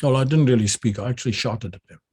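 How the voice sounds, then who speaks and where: Older South African man, retired officer recounting his service, lively and vivid storyteller, middle pitch. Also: quick pace, slightly rough. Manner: animated storyteller who acts out the orders he shouted. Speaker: retired army general. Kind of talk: recounting memories in a conversation.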